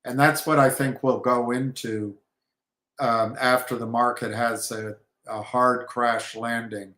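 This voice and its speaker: Speaking slowly at a middling pitch, a man rambles through talk about trading and markets, often stopping mid-sentence to start over and leaning on fillers. His intonation stays fairly even, his voice pushed and bright, and the room around him echoes noticeably.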